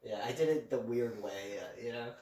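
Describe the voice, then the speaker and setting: A man's voice: medium pitch, normal speed, mellow. A young man co-hosting a podcast, chatting casually and joking, often slipping into goofy quoted voices. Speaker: podcast co-host. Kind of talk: casual chat. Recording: roomy echo, mic at a distance, faint hum.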